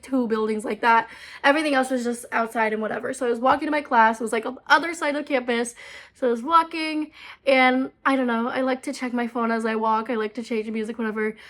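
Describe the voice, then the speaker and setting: A woman's voice: on the high side, a bit bright. A woman in her twenties telling a story to camera in a chatty, self-mocking way, swearing often and filling her talk with "like". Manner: chatty, profane, self-mocking, many "like" fillers. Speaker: storytime vlogger.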